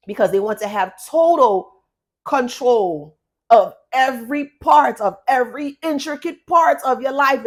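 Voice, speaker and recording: A woman giving a spoken tarot reading to her viewers, blunt and emphatic, repeating words and swearing for stress. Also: a little high. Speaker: tarot reader.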